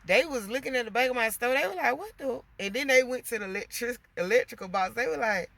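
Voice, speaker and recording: Woman vlogger, gravelly and sharp-toned, chatty venting with plenty of cussing. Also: a little high, fast, no room sound. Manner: chatty, swears freely, keeps addressing viewers as y'all. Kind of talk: casual venting to viewers.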